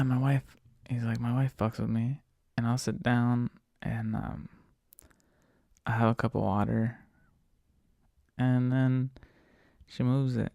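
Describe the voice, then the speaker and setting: Man, gravelly, casual storytelling, profane, laid-back, dry close sound. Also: mid-range voice, dark tone, no echo. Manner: profane, laid-back, laughs while retelling. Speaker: podcast host.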